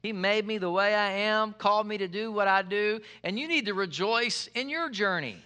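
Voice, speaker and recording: A male pastor preaching a sermon, lively and joking with the congregation, repeating his key phrases. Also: high voice, normal speed, clean tone.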